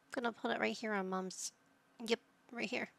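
A woman's voice: fairly high pitch, fairly even intonation, normal speed, creaky, fairly bright tone. A woman giving casual let's-play commentary, playful and motherly, with silly made-up words. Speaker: gaming video host.

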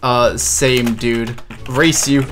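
A young man hosting a gaming video, excitable and giggly as he reads chat aloud and comments on play. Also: mid-range voice, extremely slow, heavy background noise. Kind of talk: casual gameplay commentary.

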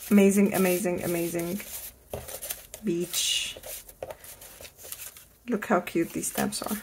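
Slow, gravelly middle-aged woman gushing over sticker haul, faint hiss and paper crinkles. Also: fairly low pitch. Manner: gushing, enthusiastic, repeats praise words. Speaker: crafting channel host. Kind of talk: casual product haul show-and-tell.

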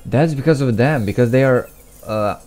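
This young man speaks at a normal speed with a medium-pitched, slightly mellow voice, casually commenting on his game. His delivery is mumbly and self-deprecating, with many restarts and asides, and there's faint game music behind him.

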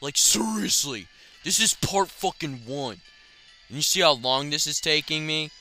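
A young man giving casual let's play commentary, profane and excitable, shouting when he fails. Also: fairly high pitch, a little slow, soft background music. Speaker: gaming commentator.

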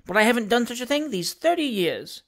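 A reader voicing a stout elderly gentleman in an audiobook, emphatic and stern when he gives orders. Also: medium pitch, sing-song, brisk, voice pushed up. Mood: mild. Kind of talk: audiobook character reading.

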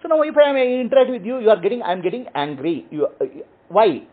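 Brief: male teacher, high lively voice, husky, checks "okay?" often. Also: fast. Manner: explains in short repeated phrases, checking with "okay?". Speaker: spiritual teacher. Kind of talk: teaching answering questions. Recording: tinny phone-like audio.

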